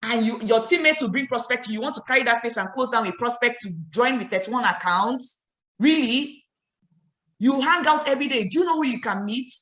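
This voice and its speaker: A woman with a Nigerian accent delivers a fiery, scolding training talk in a fairly high voice. She hammers home her points with repeated rhetorical questions. The sound carries a roomy echo. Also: brisk, a bit bright. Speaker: network marketing trainer.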